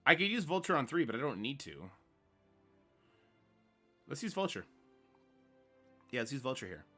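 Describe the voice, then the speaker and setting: A man streaming live gameplay, talking through his moves and ranting loudly at the game when it goes wrong. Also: mid-range voice, normal speed, faint music behind. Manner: excitable, swearing rants at the game; mutters strategy half to himself.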